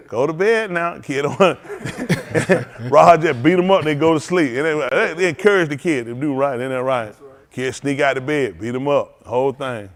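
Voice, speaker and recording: Male pastor preaching, lively and loud. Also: medium pitch, normal speed. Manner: animated preaching with laughs and audience call-outs. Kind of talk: sermon.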